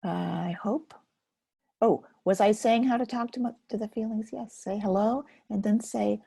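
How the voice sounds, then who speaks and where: Older woman, husky gravelly voice, mellow tone, gentle webinar teacher. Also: mid-range voice, no echo, clean studio sound. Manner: gentle, unhurried, reflective. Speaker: webinar host and focusing teacher. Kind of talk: live webinar, answering chat questions.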